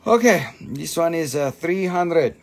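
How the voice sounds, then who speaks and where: A man with a slightly high, gravelly voice hosts a live crystal sale late at night. He sounds tired but keeps up a stream of playful, profane banter. His phrasing is loose and non-native as he pitches piece after piece. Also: a little slow. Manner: animated, jumps between teasing and pitching. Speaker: crystal seller hosting a live sales stream. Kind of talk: casual live sales chatter.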